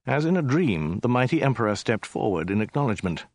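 A man narrating a comic story in a dry, deliberate comic delivery. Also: medium pitch, sing-song, darkish tone, no echo. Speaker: audiobook narrator.

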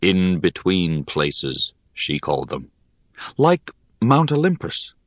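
A wise older poet and gentle mentor, put on by a male audiobook reader, speaks in a deep, unhurried voice. Every phrase is measured and solemn, and the recording is close and dry. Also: no echo. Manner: slow, measured, solemn delivery. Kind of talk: audiobook character reading.

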